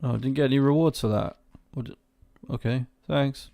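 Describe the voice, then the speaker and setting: A man's voice: medium pitch, brisk, creaky, warm tone, dry recording. A man streaming a farming game, chatting casually with sweary, ranting asides. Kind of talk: casual gameplay commentary.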